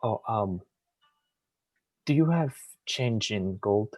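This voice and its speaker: A man playing in a tabletop game, speaking in a polite, hesitant, halting way. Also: fairly low pitch, animated, highs cut off. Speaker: player. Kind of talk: tabletop role-play.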